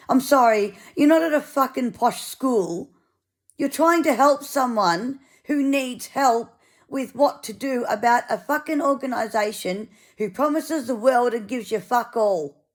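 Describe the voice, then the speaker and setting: Aussie woman ranting mad, lots of swearing, kinda high voice. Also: measured pace. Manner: furious, sweary, sarcastic. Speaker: vlogger. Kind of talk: angry rant to camera.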